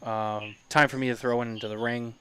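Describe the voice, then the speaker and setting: A man co-hosting a casual talk show, animated and teasing, laughing often as he talks. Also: mid-range voice, a little fast, slight background noise. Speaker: podcast co-host. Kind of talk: casual chat.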